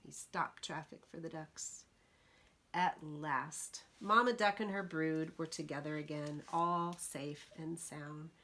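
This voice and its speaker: A woman librarian reading a picture book aloud to preschoolers, slow and expressive, pausing to ask the children questions. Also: sits low.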